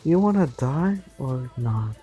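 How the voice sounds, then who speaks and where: Brief: curt, menacing young antihero, read by a man, mellow tone, slow delivery. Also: medium pitch, expressive, husky, dull audio, soft background music. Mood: cold. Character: cold, deadly young male antihero.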